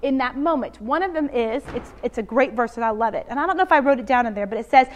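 A woman with a high voice teaches from the Bible in a relaxed, conversational way. She is animated and expressive and speaks straight to her listeners. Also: fast.

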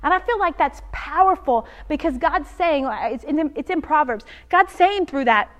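A woman with a high voice teaches from the Bible in a relaxed, conversational way. She is animated and expressive and speaks straight to her listeners. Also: normal speed.

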